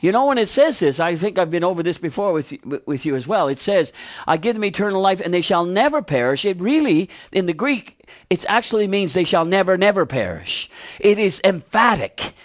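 Man preaching with a lively, swinging voice. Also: high voice, brisk. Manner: preaching with rhetorical questions and repeated phrases. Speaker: pastor. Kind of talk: sermon.

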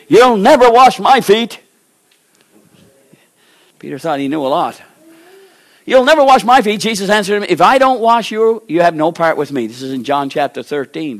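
A male preacher delivering a sermon in a mid-range voice. He acts out the figures he quotes, rising to loud, high exhortation and then falling to slow, hushed pleading. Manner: acts out biblical dialogue.

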